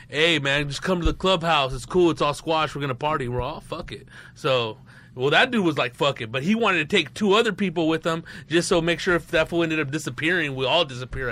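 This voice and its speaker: Bright-voiced slangy man. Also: mid-range voice. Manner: slangy, profane storytelling. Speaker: podcast co-host. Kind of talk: casual podcast storytelling.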